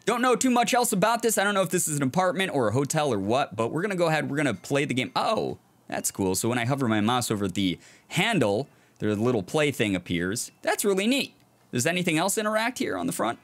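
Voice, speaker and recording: A man's voice: a little high, very animated, fast. A man hosting a let's play, giving casual gameplay commentary, chatty and jokey, reacting aloud and chuckling often.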